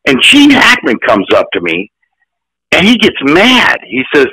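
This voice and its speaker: Older man, sixties, gravelly, bright, profane storyteller, animated. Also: a little high, a little slow, low-quality recording. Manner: profane, animated, acts out quotes. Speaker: actor guest. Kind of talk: casual storytelling.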